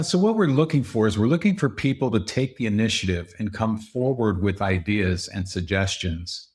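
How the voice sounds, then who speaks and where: In a conversational interview, a podcast guest who works as a leadership consultant explains leadership. He acts out quoted dialogue by raising his pitch.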